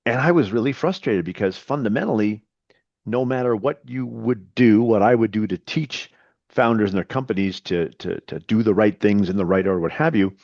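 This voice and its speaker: A man's voice: on the low side, a little mellow, no echo, dull audio. A middle-aged man, a podcast guest and coach, tells his story earnestly, often repeating and restarting his words. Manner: earnest, with frequent repetitions and restarts. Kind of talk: storytelling in an interview.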